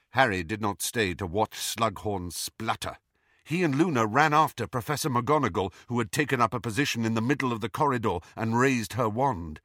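Expressive male storyteller, bright voice. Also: medium pitch, moderate pace, dry recording, clean studio sound. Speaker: narrator. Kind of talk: reading a novel aloud.

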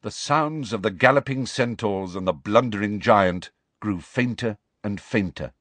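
A man reading a story aloud in a dramatic, expressive narration. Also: lowish voice, a little slow, no echo. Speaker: audiobook narrator. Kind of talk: scripted narration.

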